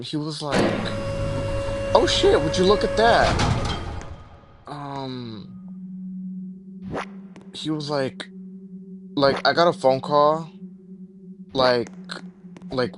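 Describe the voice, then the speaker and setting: A young man tells a rambling story-time tale, packed with fillers and curses, and now and then cuts off to react to a horror game. His voice sits at an everyday middle pitch. Clear background noise runs under the whole recording. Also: a bit bright. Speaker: gaming channel host.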